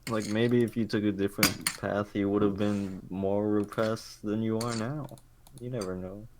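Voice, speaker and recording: A man's voice: fairly low pitch, fairly even intonation, normal speed, background noise. A man with a slight Canadian accent chatting casually and bluntly on a live stream. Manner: laid-back, blunt, jokey.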